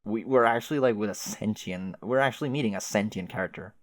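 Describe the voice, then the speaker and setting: A man's voice: fairly low pitch, quick pace, dry recording, clean studio sound. A man casually reading a webcomic aloud and adding loose, swearing asides. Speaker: reader of a webcomic. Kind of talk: casual read-through commentary.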